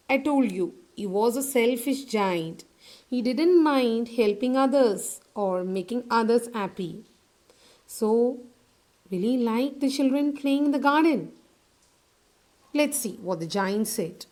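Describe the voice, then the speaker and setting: Slow, high-voiced teacher. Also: female voice, expressive, a little mellow. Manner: asks questions and answers them herself; repeats key words slowly. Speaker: English teacher. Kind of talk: classroom lesson explaining a story.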